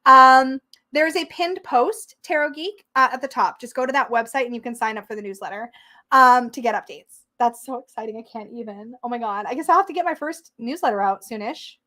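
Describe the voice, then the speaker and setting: Woman, young, livestream host, casual chat, excitable, slightly high voice. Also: a little fast. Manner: chatty, excitable, reads out viewer comments.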